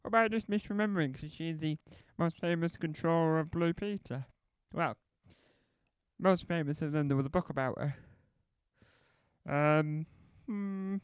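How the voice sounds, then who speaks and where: A man's voice: on the high side, moderate pace, clear, resonant tone, dry recording. A man doing stand-up comedy, telling a meandering anecdote that keeps correcting itself and acting out both sides of conversations.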